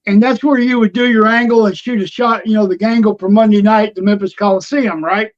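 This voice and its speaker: A man's voice: high voice, brisk. Older man spinning wrestling yarns. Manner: animated storyteller, acts out old conversations. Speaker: retired pro wrestler, guest. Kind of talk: casual storytelling interview. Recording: dull lo-fi stream audio.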